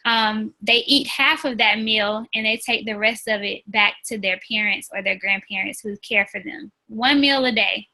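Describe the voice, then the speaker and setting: On a low-quality recording, a team leader on a business call speaks at a medium pitch and normal pace, with vocal fry, a sharp tone, and few pauses. Her motivational talk is earnest and chatty, peppered with "um" and "like," and she calls her listeners "y'all."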